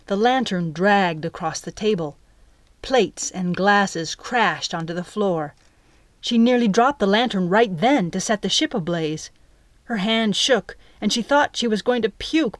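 A woman giving a scripted audiobook narration of a story, in an even, measured way. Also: mid-range voice, dry recording.

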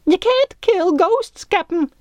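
A woman voicing a frightened, cowardly pirate sailor who pleads in a squeaky voice. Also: animated, slow pace, darkish tone, no echo, full character voice. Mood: scared.

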